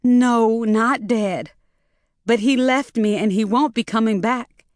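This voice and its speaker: A woman narrator puts on a distraught middle-aged woman whose voice rises high and strained, close to tears. The storybook reading is slow and dry, with no room sound around it. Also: darkish tone, no room sound. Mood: tearful.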